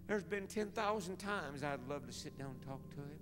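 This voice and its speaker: A middle-aged male pastor preaching a sermon, telling a story softly and dropping into hushed whispers. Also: fairly high pitch, expressive, normal speed, big-room sound. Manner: soft, intimate storytelling that drops to hushed whispers. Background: music.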